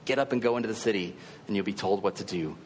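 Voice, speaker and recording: A man voicing God, giving firm, measured commands in his own low voice. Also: slight background noise, natural voice. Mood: commanding.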